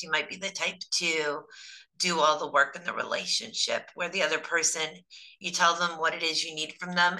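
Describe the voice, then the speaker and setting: Low-pitched bright-voiced woman reading tarot. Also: low-quality recording. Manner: casual, chatty, reassuring. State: voice strained from overuse. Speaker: tarot reader. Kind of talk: live-streamed tarot reading.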